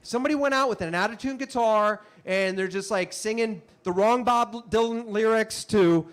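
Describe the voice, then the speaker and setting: A male comedian tells a stand-up story in an animated, punchy manner, tossing in frequent asides. His voice sits very high for a man. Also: moderate pace, clear, resonant tone.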